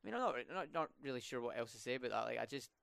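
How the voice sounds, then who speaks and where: Young man, Scottish accent, rolled R's, smooth voice, dry close sound, casual podcast chat. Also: medium pitch, big pitch swings, racing, fairly bright tone, no room sound. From Scotland. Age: young adult. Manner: rolled R's, many fillers and restarts. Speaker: student podcast host.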